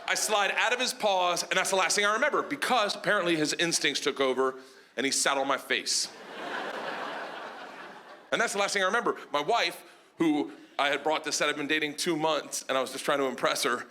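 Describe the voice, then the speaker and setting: A man doing stand-up on stage, telling a story animatedly and acting out voices with shouts. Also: a little high, brisk, a crowd in the background, noisy background. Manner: animated, acts out voices and yells. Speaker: stand-up comedian. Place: comedy festival stage with live audience.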